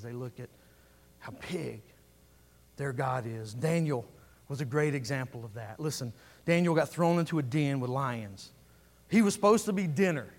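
A man preaching a sermon as pastor, fervent and building through repeated phrases. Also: high-pitched.

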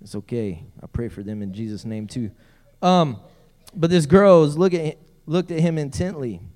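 A man's voice: a little high, expressive, normal speed, a little mellow. A man preaching a sermon as pastor, reading scripture aloud and breaking in with playful asides.

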